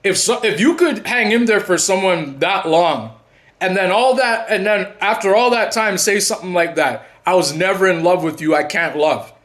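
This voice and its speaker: Rambling man talking to camera. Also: moderate pace. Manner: rambling, restarts and repeats words often; drops quiet and low when retelling conversations. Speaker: channel host and narcissism coach. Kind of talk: casual talking-to-camera monologue.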